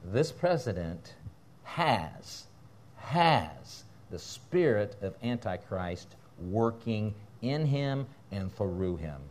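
A man preaching a sermon as pastor in a church, fiery and animated, breaking into laughter and asides. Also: on the low side, drawn-out words.

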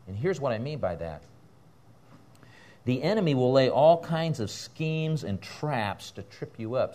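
A man preaching a sermon as pastor in a church, fiery and animated, breaking into laughter and asides. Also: fairly low pitch.

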